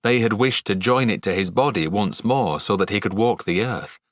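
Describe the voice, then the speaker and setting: A man narrating a dark fantasy audiobook in the first person, measured and dramatic. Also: lowish voice, no echo, clean studio sound.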